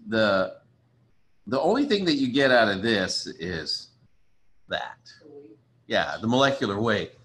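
Male chemistry teacher, lowish voice, casual, chatty, thinks aloud. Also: very animated, takes it slowly, pauses often, fairly bright tone. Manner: chatty, apologetic, thinks aloud while writing. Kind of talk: casual recorded lecture.

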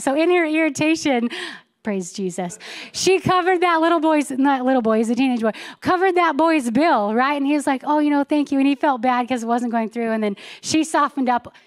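A woman with a fairly high voice preaches in a relaxed, chatty way. She mixes everyday stories and quick asides with scripture reading. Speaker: pastor. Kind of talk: sermon.

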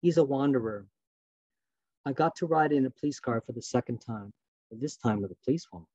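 A man reading aloud from his novel in a measured, earnest storytelling voice over a video call. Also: mid-range voice, a little mellow, husky, no echo, dull audio. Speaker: author.

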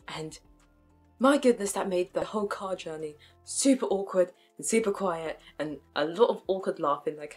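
A woman's voice: sits low, moderate pace, soft background music. A woman, talking frankly to camera in a chatty, self-mocking way. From United Kingdom. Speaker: vlogger. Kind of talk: casual commentary to camera.

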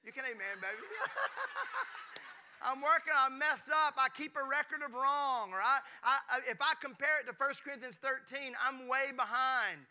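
A man's voice: very high-pitched, measured pace. A man, preaching a sermon with jokes and calls to the congregation. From Mississippi, US. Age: 50s. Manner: preaching with call-and-response to the congregation; animated, jokes and playful asides. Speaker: pastor.

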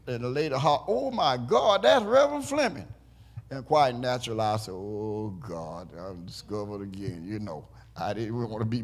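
A man pastor preaching a sermon, telling a story softly and then stressing his words in drawn-out phrases. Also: a little high. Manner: slow, drawn-out preaching with quiet storytelling stretches. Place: church.

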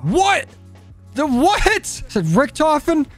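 A young man talks through his game in a loose, joking way, swearing and getting excitable. His pitch sits in the middle of the male range. He speaks into a desk mic, with faint music running behind him. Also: a little fast. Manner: jokey, cursing, excitable. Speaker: gaming YouTuber. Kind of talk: casual gameplay commentary.

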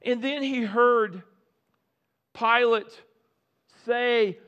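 A middle-aged male pastor preaching a sermon, deliberate, with repeated phrases and dramatic pauses. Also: very high voice, pushed and bright, smooth, lo-fi sound.

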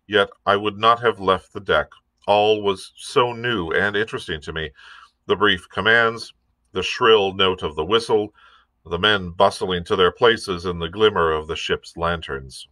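A male librarian reading a classic adventure novel aloud, unhurried, with the occasional filler and slip. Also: lowish voice, pushed and bright, no room sound. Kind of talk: storybook read-aloud.

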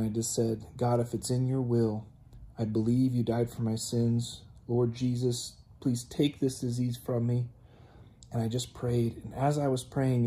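A man giving an earnest personal faith testimony, halting and filled with "you know". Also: medium pitch, mellow, slightly rough. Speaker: testimony speaker.

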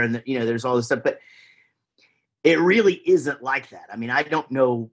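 A man's voice: mid-range voice, normal speed. A man with a Texan accent, chatting casually as a podcast guest, rambling with lots of fillers and restarts. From Texas, USA.

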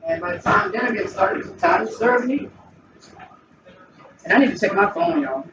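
A woman with a mid-range, slightly bright voice chats animatedly with her viewers at a moderate pace while cooking at home for her vlog. The sound is distant, muffled, and noisy.

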